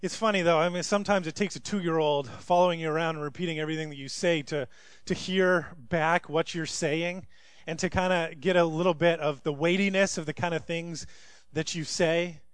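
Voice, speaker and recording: A man's voice: fairly high pitch, fairly even intonation, fairly quick, smooth, no echo. A male pastor preaching a sermon to a live congregation, opening with funny, conversational stories. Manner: conversational, humorous storytelling. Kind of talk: sermon with storytelling.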